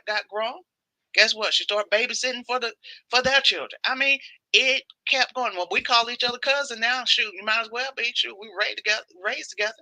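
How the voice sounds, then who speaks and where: Bright, chatty woman hosting a devotional. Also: a little high, no room sound, low-quality recording. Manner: chatty, repeats phrases for emphasis. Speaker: devotional livestream host. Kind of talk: casual devotional talk.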